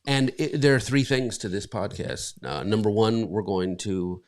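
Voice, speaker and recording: Low-voiced man rambling warmly at home. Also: normal speed. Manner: rambling, emotional, many fillers. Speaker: pastor and podcast co-host. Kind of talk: casual live-stream chat. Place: home bedroom.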